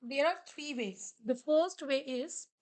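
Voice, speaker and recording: Brief: Indian woman, French teacher, high voice, slow patient explanations. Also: a little mellow. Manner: slow, explanatory, switching between English, French and Hindi. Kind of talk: classroom lesson.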